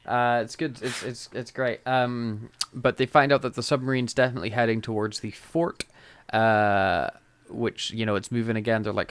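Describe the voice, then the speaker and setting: A man's voice: medium pitch, normal speed, fairly bright tone, clean tone, dry recording. A man co-hosting a podcast in casual chat, recapping scenes with wry asides. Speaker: podcast co-host.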